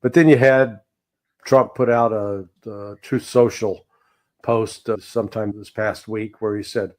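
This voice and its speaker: A middle-aged man delivers heated political commentary in a somewhat low voice. He is indignant and emphatic, hammering his points and tossing in sarcastic asides. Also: fairly even intonation, measured pace, a little mellow.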